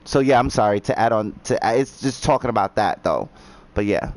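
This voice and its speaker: A man from New Jersey chatting casually while gaming, talking in halting starts with many fillers and restarts. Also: fairly low pitch. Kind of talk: casual chat.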